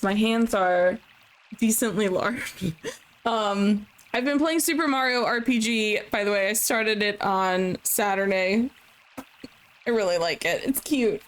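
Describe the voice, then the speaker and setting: A woman's voice: mid-range voice, a little slow, a little hiss or hum. A young woman chatting casually and giggling as she streams a game from home. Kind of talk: casual chat while playing a game.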